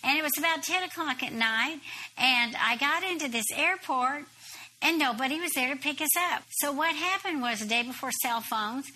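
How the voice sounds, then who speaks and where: A woman telling a personal story on a broadcast in an animated, lively way. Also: high voice, normal speed.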